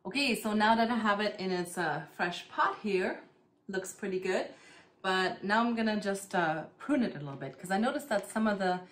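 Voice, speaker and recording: A vlogger from East Germany in her thirties chats casually to the camera at home while tending her plants, laughing often and using lots of fillers. Her voice is medium-pitched, animated and fairly bright, at a normal speed.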